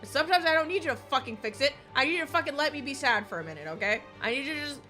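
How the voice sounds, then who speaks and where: Woman streamer venting, cursing a ton, laughing a lot, bright voice, faint music in the back. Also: sits high, expressive, very fast. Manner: swears constantly, laughs often, ranting. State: recovering from illness. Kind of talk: casual chat while gaming.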